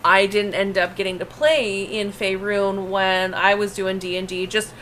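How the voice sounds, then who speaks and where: A woman from the Pacific Northwest with a creaky voice, chatting casually and reading chat aloud while drawing on a stream. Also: mid-range voice, fairly even intonation, a little slow, fairly bright tone, a little hiss or hum, low-quality recording. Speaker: art stream co-host.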